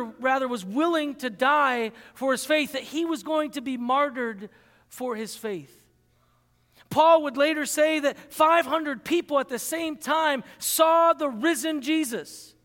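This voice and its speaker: A man delivers a sermon as pastor, leaning on repeated phrases for emphasis. His voice is very high and bright, with a sharp edge. Long reverb from a large church hall follows his words.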